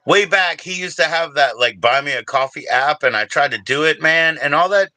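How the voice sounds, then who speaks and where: With a fairly high, bright, pushed voice at normal speed, this older livestream host from the Washington DC area, US, rambles casually. He keeps things laid-back, reading viewers' names aloud and talking with them.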